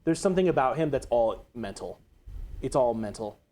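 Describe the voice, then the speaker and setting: A man's voice: medium pitch, expressive, moderate pace, a little mellow, soft background music. A man running a tabletop game as game master, narrating loosely with lots of fillers.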